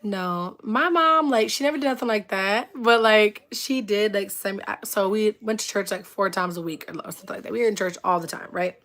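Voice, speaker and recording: A woman's voice: medium pitch, brisk, few pauses. Chatty woman rambling on a livestream. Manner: rambling storytelling full of "like", greeting chat viewers; expressive, laughs often. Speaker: livestream host. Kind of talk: casual livestream chat.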